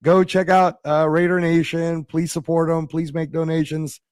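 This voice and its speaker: A man with a hoarse voice, a guest in a casual livestream chat, rambling and laughing as he talks. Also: a little high, level tone, moderate pace, darkish tone, no echo.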